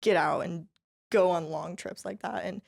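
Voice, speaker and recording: This woman, a California country fiddler appearing as a podcast guest, has a creaky voice on the low side and a moderate pace. Her casual interview storytelling is lively, chatty, and upbeat, full of "like" and "you know," with laughter between phrases.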